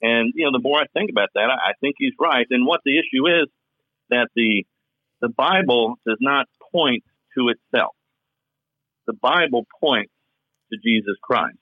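A man's voice: mid-range voice, expressive, normal speed, no echo. A man from Kentucky with a Southern drawl, co-hosting a podcast and talking through his views at length. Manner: thoughtful, explaining at length. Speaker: podcast co-host. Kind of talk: casual podcast chat. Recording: tinny phone line.

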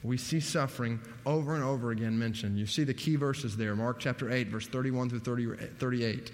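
A man preaching in a large hall, his voice trailing off into a long reverb. He has a middle-range pitch and lifts it emphatically whenever he drives a point home. The delivery is a sermon, animated and earnest. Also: fairly quick. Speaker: pastor.

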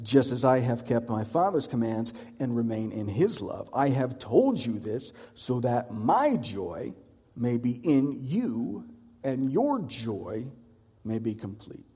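A man's voice: medium pitch, big pitch swings, slow, warm tone, breathy edge, big-room sound. A man preaching a sermon, conversational and reflective, with many rhetorical questions.

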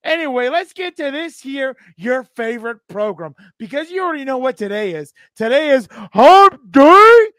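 A man opening a sports podcast, loud and hyped, shouting catchphrases and plugs. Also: very high voice, lively intonation, fairly quick, few pauses, no echo. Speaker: podcast co-host.

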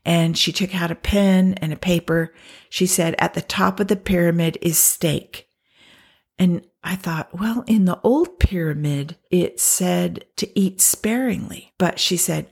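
A woman counselor telling a client story in a soft storytelling talk, often dropping to a near-whisper when quoting people. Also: lowish voice, measured pace, vocal fry, husky.

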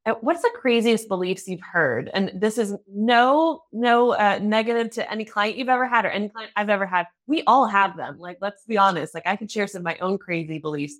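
A woman in her thirties hosting a podcast interview, chatty and candid, laughing often and acting out her own inner thoughts. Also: mid-range voice. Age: 30s. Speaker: podcast host. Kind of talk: casual interview chat.

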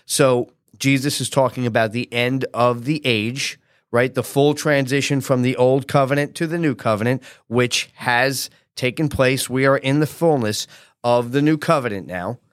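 A male pastor with a clean-toned, middle-pitched voice preaches at normal speed in a relaxed, conversational teaching style. He frequently tosses tag questions to listeners and acts out quotes animatedly. The audio is close and dry, free of echo.

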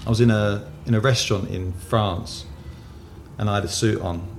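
A man who co-founded a tailoring business, telling an anecdote in an animated, casual storytelling manner during an interview. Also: lowish voice, normal speed, slight background noise.

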